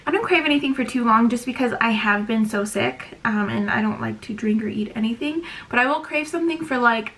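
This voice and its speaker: A young woman with a slightly high voice talks through a candid vlog update. She rambles frankly with lots of ums and restarts, sighing now and then as she fights nausea. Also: fairly quick, few pauses, a bit bright. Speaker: vlogger. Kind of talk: casual pregnancy update vlog.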